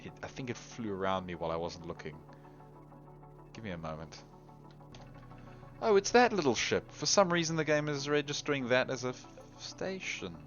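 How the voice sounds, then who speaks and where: A man's voice: medium pitch, brisk, a bit bright. A man giving casual commentary while he plays a game, chatting, humming little tunes, getting exasperated at the game and laughing at himself. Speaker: gameplay commentator. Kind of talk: casual let's-play commentary. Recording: slightly dull lo-fi recording with faint music.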